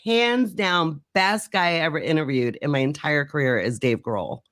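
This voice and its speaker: A woman's voice: low voice, moderate pace, fairly bright tone, no room sound, studio quality. Chatty woman rock radio DJ. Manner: bubbly, chatty storyteller. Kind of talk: casual radio interview chat.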